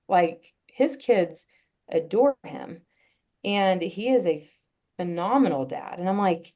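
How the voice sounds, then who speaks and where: A woman guest on a podcast, telling a personal story in a casual, earnest way, pausing often with fillers and restarts. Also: mid-range voice, expressive, dark tone. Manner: halting, with frequent "um" and restarts.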